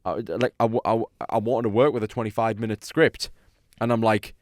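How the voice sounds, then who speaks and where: A man's voice: on the low side, level tone, a little fast, dry recording, studio quality. A man hosting a podcast, chatting casually and rambling, tired late at night. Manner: rambling, laughs often. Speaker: podcast host. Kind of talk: casual chat.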